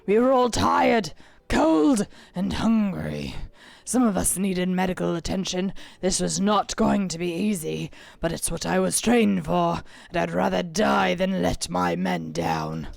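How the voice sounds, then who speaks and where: Woman doing a grim weathered sea captain, gravelly and slow, a bit lower than her own voice, close and dry. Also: animated, a little mellow, no room sound, heavily acted. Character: weathered male ship captain, grim and determined.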